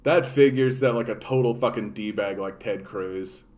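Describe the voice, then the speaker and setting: A man's voice: lowish voice, unhurried, darkish tone. A man ranting about politics on a livestream, impassioned and full of swearing. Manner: impassioned, profane, repetitive. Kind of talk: unscripted political rant.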